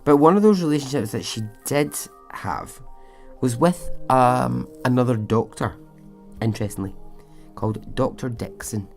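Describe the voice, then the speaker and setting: A man's voice: medium pitch, animated, normal speed, creaky, darkish tone, soft background music. A man hosting a podcast, narrating a true story casually with chatty asides and frequent fillers. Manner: chatty, conversational asides, frequent "you know".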